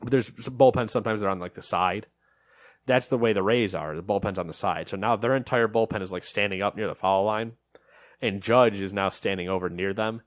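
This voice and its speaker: A man co-hosting a casual podcast chat, telling a story in an animated way and acting out what people said. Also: fairly low pitch, a little fast, no room sound, clean studio sound. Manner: animated storytelling, acts out quotes. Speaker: podcast co-host.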